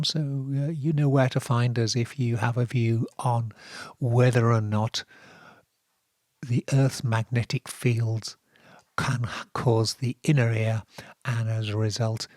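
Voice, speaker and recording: A man with a Norfolk accent hosting a radio show, telling odd stories in a relaxed, wry way with many fillers. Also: mid-range voice, no echo, studio quality. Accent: Norfolk English. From England. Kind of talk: relaxed radio talk with dry asides.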